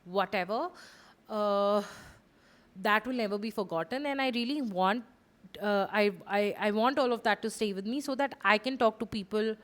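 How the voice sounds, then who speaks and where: A young woman from India, a podcast co-host and former international student, talking in an emphatic, opinionated way. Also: mid-range voice. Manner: opinionated, emphatic, rapid asides. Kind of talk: casual podcast chat.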